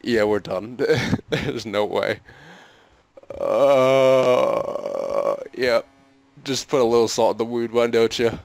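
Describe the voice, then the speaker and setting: A man's voice: mid-range voice, steady tone, a little slow, darkish tone, no echo. A man doing let's-play commentary on a hockey video game, exasperated and pleading with his team, often laughing and sighing. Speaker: gaming commentator.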